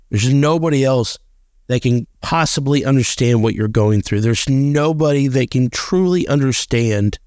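A man's voice: mid-range voice, a little mellow, no room sound, clean studio sound. A man co-hosting a podcast, talking earnestly about faith and reading scripture aloud, often repeating and restarting his words. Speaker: podcast co-host.

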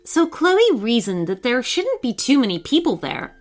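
A woman narrating a children's story in a scripted, expressive way with dramatic pauses. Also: fairly high pitch, soft background music.

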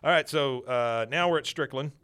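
A man's voice: mid-range voice, normal speed, fairly bright tone, clear, resonant tone. A man co-hosting a casual chat podcast, recapping a cartoon episode scene by scene, often laughing and briefly mimicking the characters' lines.

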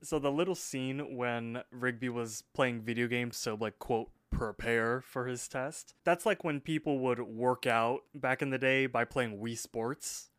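Guy chatting on a podcast, laughs a lot, says like constantly, smooth voice, dead dry sound. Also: medium pitch, fairly even intonation, a little slow, hardly any pauses, a bit bright, dry recording. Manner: laughs easily, filler-heavy. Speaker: podcast co-host. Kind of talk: casual chat recapping a cartoon episode.

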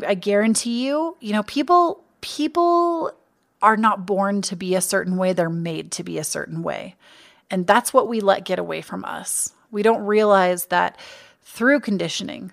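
A woman's voice: medium pitch, creaky. A young adult woman hosting her own podcast, talking casually and earnestly about empathy, reflective and conversational. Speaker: podcast host. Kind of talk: casual solo podcast talk.

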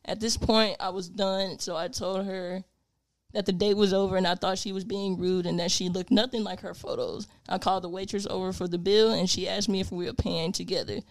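A woman's voice: medium pitch, little pitch movement, a little fast, no room sound. A woman co-hosting a casual podcast, reading a listener's story aloud with little laughs and then chatting and teasing her co-hosts.

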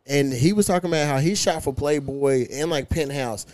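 Man, podcast host, smooth clear voice, dry close sound, profane storytelling. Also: on the high side, moderate pace, a little mellow, dry recording. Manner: profane storytelling, quoting his own retorts. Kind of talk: casual podcast chat.

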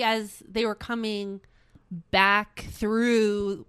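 A young woman telling a story in casual chat, animated and swearing, acting out what people said. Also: fairly high pitch, takes it slowly, clear, resonant tone, no room sound, clean studio sound.

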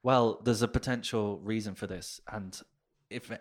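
A man's voice: on the low side, steady tone, measured pace. A man co-hosting a casual chat, reading a news story aloud with jokey, sweary asides and frequent laughs. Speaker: podcast co-host.

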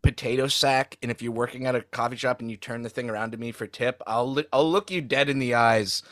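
Bright, crude young podcast co-host. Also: male voice, medium pitch, fairly even intonation, brisk, no room sound. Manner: crude, riffing, does mocking quoted voices. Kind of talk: casual podcast banter.

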